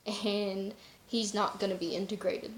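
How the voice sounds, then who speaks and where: A woman's voice: mid-range voice, flat delivery, measured pace, a little hiss or hum. Chatty woman in an echoey room. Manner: laid-back, rambling, laughs often, swears freely. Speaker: vlogger. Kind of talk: casual chat.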